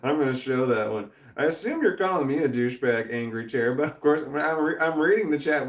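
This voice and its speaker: Male livestream host, casual and rambling, frequent swearing and laughs, mid-pitched, echoey room. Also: lively intonation, brisk, hardly any pauses. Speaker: livestream host reading chat. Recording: roomy echo.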